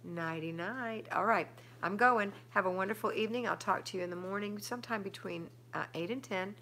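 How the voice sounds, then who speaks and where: A woman's voice: medium pitch, fast talker, pushed and bright, a little hiss or hum. A middle-aged woman, hosting a casual live stream at home and chatting as she reads viewer comments aloud and answers them. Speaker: livestream host reading viewer comments.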